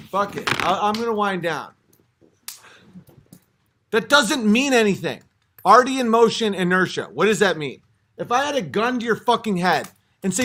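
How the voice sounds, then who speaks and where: High-voiced man ranting on a livestream. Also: animated, moderate pace, long pauses, fairly bright tone. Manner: profane, exasperated ranting with restarts. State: a few drinks in. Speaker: livestreamer reading chat. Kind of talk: livestream rant.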